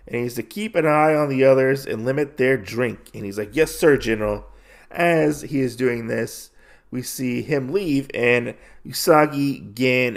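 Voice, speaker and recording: A man hosts a podcast and recaps a comic in a loose, rambling way, with many fillers. His voice is gravelly and sits at an ordinary middle pitch. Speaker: podcast host. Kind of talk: casual comic-book recap.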